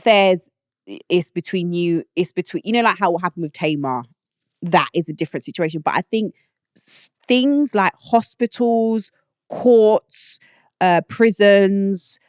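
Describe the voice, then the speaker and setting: A British woman with a lowish voice, talking bluntly and opinionatedly in a casual solo monologue. She speaks into a dry, close mic with no room sound. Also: unhurried, darkish tone, smooth, dry recording. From Britain. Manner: blunt and opinionated, rising to indignant outbursts. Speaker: show host.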